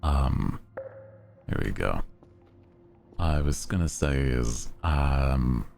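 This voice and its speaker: A man's voice: a bass voice, lively intonation, drawn-out words, creaky, darkish tone, faint music behind. A man chatting casually on a live stream as its host, with a melodic, lilting delivery that rises at the ends of sentences.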